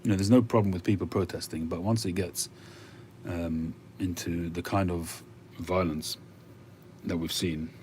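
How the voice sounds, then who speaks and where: A man's voice: low-pitched, steady tone, moderate pace, a little mellow, slight background noise. A man hosting a livestream, chatting casually and musing aloud with frequent hesitations as he answers viewer comments. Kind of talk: casual chat.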